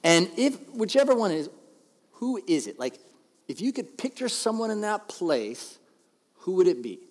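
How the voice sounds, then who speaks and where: Animated man preaching in a reverberant hall. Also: high voice, normal speed. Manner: conversational, joking, animated. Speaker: pastor. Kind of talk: sermon.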